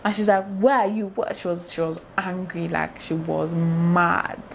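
A young woman tells a story on her vlog, lively and animated, acting out the sounds as she goes. Her voice sits a little low for a woman. A faint hiss of noise hangs behind her. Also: a little slow, gravelly. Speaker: vlogger.

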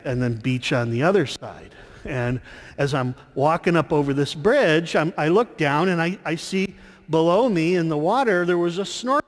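A man preaching in a large church, his voice trailing into a long reverb. He tells his story at an unhurried, deliberate pace, often pausing with fillers and restarting sentences. His pitch sits in an ordinary middle range. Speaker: priest. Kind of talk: sermon.

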